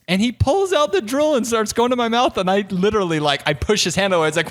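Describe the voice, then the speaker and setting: A young man with a fairly high voice tells a story on a podcast, swinging his voice way up when he acts out the other side. His delivery is loose and chatty, straight into a desk mic. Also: fast talker, few pauses. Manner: animated storyteller, acts out both sides with big pitch jumps. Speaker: podcast co-host. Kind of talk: casual chat.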